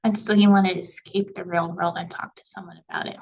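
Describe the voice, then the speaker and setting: Gravelly-voiced woman teaching a lecture. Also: fairly low pitch, little pitch movement, quick pace, darkish tone, rough recording. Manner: conversational, uses "like" and "you know" often. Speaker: college communication instructor. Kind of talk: recorded lecture over slides.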